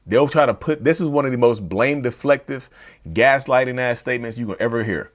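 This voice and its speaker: A man hosting a mental health channel, talking straight to his viewers in an animated way and rephrasing each point several times. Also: medium pitch, a little fast. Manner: addresses viewers as "y'all". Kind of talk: direct-to-camera talk.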